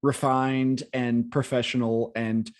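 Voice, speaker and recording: A man's voice: mid-range voice, flat delivery, takes it slowly. Chatty laughing podcast co-host man. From American South. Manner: rambling, restarts often, laughs easily. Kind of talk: casual chat.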